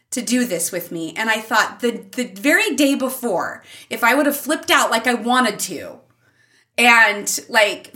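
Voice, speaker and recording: Bright, animated middle-aged woman storyteller. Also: far from the mic. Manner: animated, laughing often, jumping high when quoting herself. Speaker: podcast guest, teacher and mother. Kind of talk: casual storytelling in an interview.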